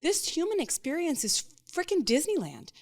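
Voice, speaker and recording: A woman's voice: extremely high pitch, big pitch swings, moderate pace. A woman in her forties hosting a podcast, talking bluntly and emphatically in casual chat, swearing freely and often asking "right?". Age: 40s. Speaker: podcast host.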